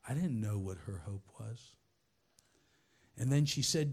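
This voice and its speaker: An older man preaching a sermon full of stories, dropping soft and low, then rising into loud, high exclamations. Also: a little slow, gravelly, long pauses, slightly rough. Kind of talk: sermon with storytelling.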